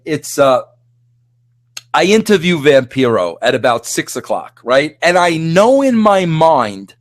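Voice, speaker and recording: A middle-aged man hosting a podcast, ranting in a rambling, excitable way full of restarts and filler words. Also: a little high, no room sound. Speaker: podcast host. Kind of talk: animated solo rant.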